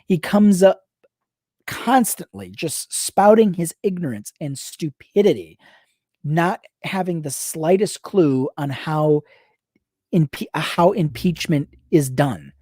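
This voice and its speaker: A woman reading a book aloud on a livestream, rapid-fire, breaking off for sarcastic asides to her viewers. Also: sits low, lively intonation, mellow, husky, dry recording, clean studio sound. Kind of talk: reading aloud with live commentary.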